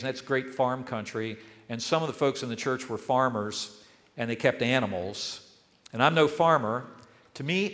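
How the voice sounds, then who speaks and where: A man's voice: mid-range voice, fairly bright tone. Older male pastor preaching in echoing hall. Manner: earnest, emphatic preaching with pauses. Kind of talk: sermon. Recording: long hall reverb.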